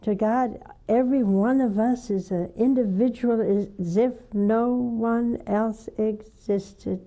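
An older nun hosts a call-in show, preaching fervently and coaxing her callers. Her warm, steady voice moves at a slow pace but often rises to high, emphatic peaks.

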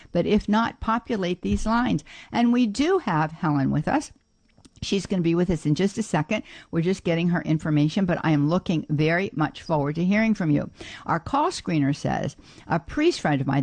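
A woman's voice: fairly low pitch, darkish tone, dry recording. A woman hosting a call-in radio show, chatty and exclamatory as she talks with callers.

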